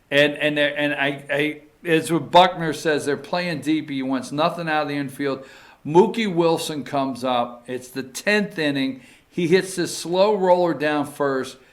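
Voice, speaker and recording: A man hosting a talk show, talking casually in a rambling, emphatic way with sudden emotional outbursts. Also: on the high side.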